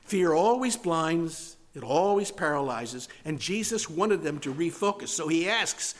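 A man preaching a sermon, moving between strong emphasis and hushed, near-whispered lines. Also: on the high side, animated, unhurried, hardly any pauses. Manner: dramatic shifts from loud to hushed, near-whispered words. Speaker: pastor.

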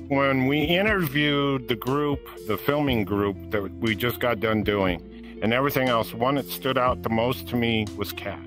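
A man's voice: mid-range voice, moderate pace, music in the background, poor audio. A man co-hosting an interview show, chatting casually in a rambling, folksy way with loose grammar. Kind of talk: casual chat.

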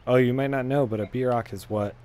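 A man's voice: medium pitch, fairly even intonation, fast, a little mellow, close to an everyday voice. A man voicing a wry, teasing young male cat-beast warrior while reading game dialogue aloud in his own everyday voice. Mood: sly.

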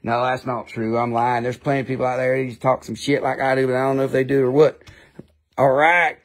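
A man's voice: mid-range voice, level tone, a little fast. A man with an Appalachian accent selling rocks on a live stream, rambling and joking in a casual chat. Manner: joking, rambling, playful funny voices. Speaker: live-stream rock seller.

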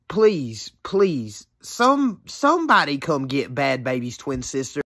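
A woman's voice: extremely low pitch, lively intonation, slow, hardly any pauses, a bit bright. A woman reacting to clips in casual commentary, incredulous and swearing, laughing between remarks. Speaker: reaction video host.

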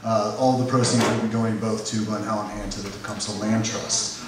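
A man hosting a live community poetry reading, welcoming the audience and thanking helpers in a relaxed, chatty way. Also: lowish voice, a little fast. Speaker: event host. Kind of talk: casual welcome and thank-yous at a live event. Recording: echoey hall from far off, noisy.

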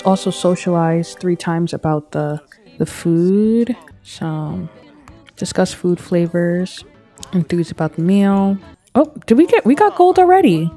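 A woman's voice: on the low side, warm tone. A woman giving casual, chatty commentary on a life-sim game, exclaiming and interrupting herself. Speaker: gaming creator. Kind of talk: casual let's-play commentary.

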